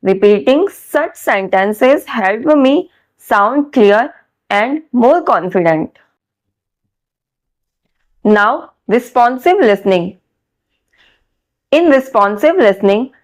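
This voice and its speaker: A woman narrates a scripted vlog in a slightly high voice, taking her time over each phrase. Her delivery is unhurried and deliberate, with careful pronunciation. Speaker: vlogger sharing her English learning.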